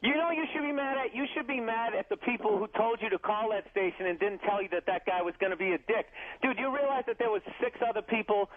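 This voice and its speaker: Indignant man on a thin phone-like line. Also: high voice. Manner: indignant, profane, rapid-fire complaining. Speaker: comedian guest. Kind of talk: heated radio argument. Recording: phone-like radio broadcast.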